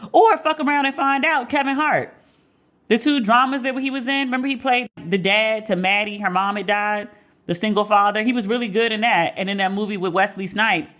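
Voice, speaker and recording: A woman's voice: mid-range voice, fairly bright tone. A woman hosts her own podcast in loose, casual commentary. She is candid and gossipy, drops profanity freely, and teases herself about her celebrity crushes. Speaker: podcast host. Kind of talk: casual pop-culture commentary.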